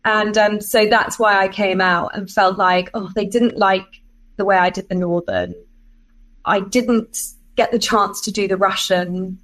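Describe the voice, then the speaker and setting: A woman's voice: medium pitch, steady tone, measured pace, a bit bright, poor audio. A woman with an English accent, a voice actor talking as a guest in a casual interview, chatty and self-deprecating, often breaking into laughter.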